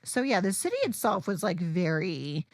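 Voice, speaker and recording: A woman with a low-pitched voice tells a story in casual podcast chat. She is blunt and profane. The sound is dry and close. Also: lively intonation, normal speed, no echo. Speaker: podcast co-host.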